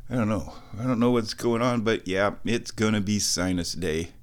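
A man hosting a casual vlog, talking slowly and playfully, now and then slipping into high baby talk, a bit stuffy from sinus trouble. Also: smooth. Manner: slow, drawling and playful, with high baby talk to his cat. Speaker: vlog host.

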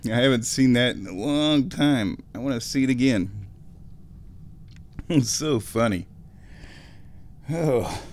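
Slow, rambling man from Nebraska. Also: mid-range voice, animated, slight background noise. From Omaha, Nebraska, USA. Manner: rambling and nostalgic, chuckles often, clears throat. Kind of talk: casual monologue.

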